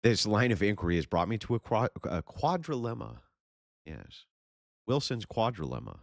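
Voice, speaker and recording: A man's voice: fairly low pitch, big pitch swings, normal speed, creaky, dry recording, studio quality. A man hosting a livestream and reading super chats in a blunt, profane, sarcastic way. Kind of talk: casual livestream chat.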